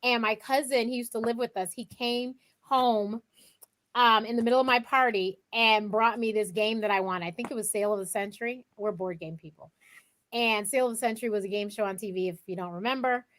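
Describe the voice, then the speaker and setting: Guest author, young woman, bright higher pitch, lively anecdotal delivery. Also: fairly quick. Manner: animated storyteller, acts out quotes. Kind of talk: casual interview chat.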